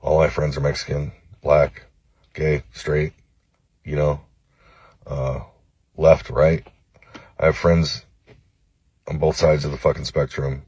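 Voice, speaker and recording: A man from Los Angeles recording a phone-camera apology video, halting and cursing, with many pauses and fillers. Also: very deep voice, little pitch movement, a little mellow, breathy edge, no echo. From Los Angeles, United States. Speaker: vlogger.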